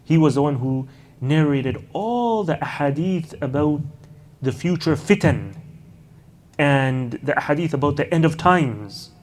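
Speaking at a slightly high pitch and with plenty of expression, a man lectures slowly on early Islamic history. Stories fill his talk, punctuated by Arabic honorifics and casual "you know" comments.

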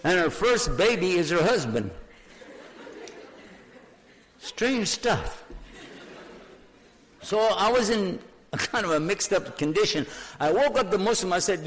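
An older man delivers a sermon as a personal story. His voice sits a little high and swings between animated, quick telling and low, hushed prayer.

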